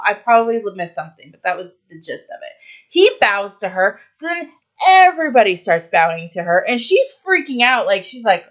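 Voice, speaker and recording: A woman's voice: medium pitch, very animated, a little fast, muffled recording. A woman co-hosting a podcast, casually retelling a movie's plot with lots of fillers and quoted lines. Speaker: podcast co-host.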